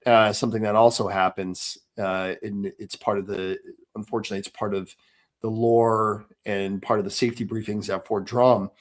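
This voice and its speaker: Man, middle-aged, podcast host, casual chat, low-ish voice, rambling, lots of fillers. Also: flat delivery, moderate pace. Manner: rambling, with many fillers and restarts.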